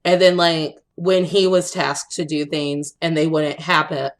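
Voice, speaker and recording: A young adult woman co-hosting a podcast, telling an animated story in a casual chat, acting out quotes and laughing often. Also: deep voice, unhurried. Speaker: podcast co-host.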